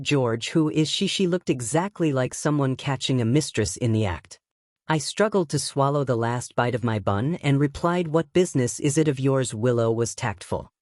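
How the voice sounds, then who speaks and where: A man narrating a first-person story in a steady, wry way. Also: mid-range voice, dry recording, studio quality.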